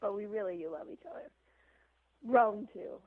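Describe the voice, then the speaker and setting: A woman's voice: medium pitch, moderate pace, dry recording. A young woman, an actress, chatting in a casual podcast interview, rambling with lots of fillers. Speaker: actress guest. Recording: tinny phone line.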